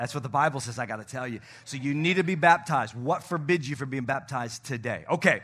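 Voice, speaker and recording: A male pastor preaching to his congregation in an energetic, playful, coaxing manner. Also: mid-range voice, brisk, hardly any pauses. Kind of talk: sermon. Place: church stage.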